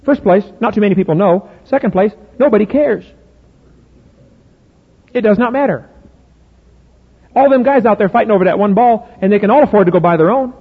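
A man's voice: high-pitched, a little fast, pauses often, slightly rough. A middle-aged man preaching a sermon in a folksy, emphatic way, full of rhetorical questions. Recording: phone-like audio in a reverberant hall.

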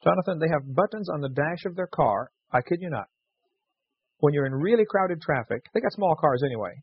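Gravelly, husky man hosting a radio show. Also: a little high, expressive, fairly quick. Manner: jokey, chatty storyteller with frequent laughs. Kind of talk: casual radio chat reading listener letters. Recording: dull lo-fi radio recording.

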